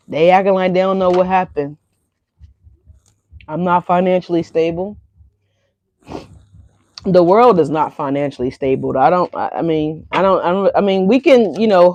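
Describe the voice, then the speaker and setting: A woman's voice: lowish voice, a little mellow, no echo. A woman giving a casual tarot reading who rambles, swears, laughs to herself and talks straight to her viewers. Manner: rambling, profane, laughing asides. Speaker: tarot reader.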